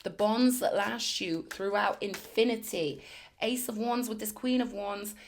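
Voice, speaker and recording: A woman's voice: mid-range voice, measured pace, slight background noise. A woman doing a spiritual tarot reading, talking in emphatic, affirming bursts and repeating phrases for effect. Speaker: tarot reader.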